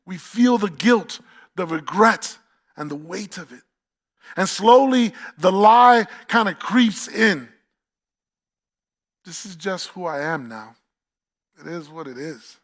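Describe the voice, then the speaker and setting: A man's voice: sits high, fairly bright tone. A man with a New York accent preaching a sermon as pastor, emphatic, repeating key phrases and asking the congregation questions.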